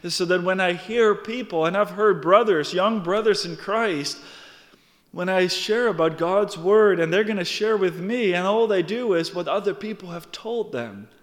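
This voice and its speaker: A man's voice: sits high, moderate pace, fairly bright tone, long reverb tail. A man preaching a sermon, earnest and emphatic, speaking directly to his congregation.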